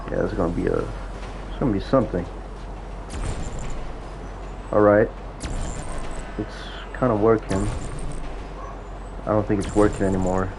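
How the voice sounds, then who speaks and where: A man ranting in a casual, profane storytelling way about old times in an online game. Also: low voice. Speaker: gaming vlogger. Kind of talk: casual rant. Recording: dull lo-fi audio with faint noise.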